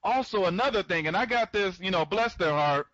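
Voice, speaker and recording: A man's voice: sits high, lively intonation, a little fast, sharp tone, lo-fi sound. A man hosting an online members' conference, rambling and repeating himself, stammering through restarts and greeting attendees by name. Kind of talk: live webinar talk.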